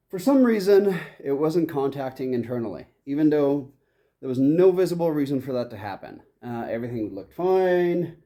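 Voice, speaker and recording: Guy vlogging outside w his goats, mellow voice, bounces around a lot, a bit of wind noise. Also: fairly high pitch, dry recording. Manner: talks to his goats, coaxing and scolding. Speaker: homestead vlogger. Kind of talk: casual vlog narration. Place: outdoors on a farm.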